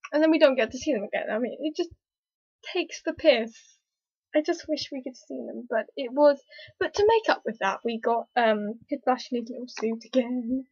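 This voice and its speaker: A fairly high-voiced woman chats through a casual review vlog, full of ums and restarts as she gushes like an eager fan. Her voice comes through a dull, lo-fi recording with a dry, close sound. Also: normal speed, slightly rough, dry recording. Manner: rambling, hesitant, excitable fan with many fillers. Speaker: TV episode reviewer.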